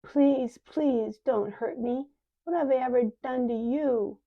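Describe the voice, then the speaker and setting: A woman's voice: a little high, a little slow, pitched above the performer's own voice, natural voice. A woman voicing a frightened young girl who pleads in a raised, anxious voice. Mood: pleading. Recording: dull lo-fi recording.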